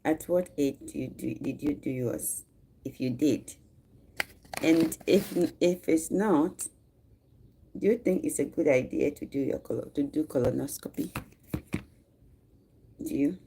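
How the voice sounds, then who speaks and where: A Ghanaian woman in her forties talks slowly on a casual livestream, breaking off to greet viewers by name. Her voice is gravelly and mellow. She chats in an easy, unhurried way. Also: low-pitched, a little hiss or hum. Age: 40s. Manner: chatty, greets viewers mid-talk. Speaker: livestream host.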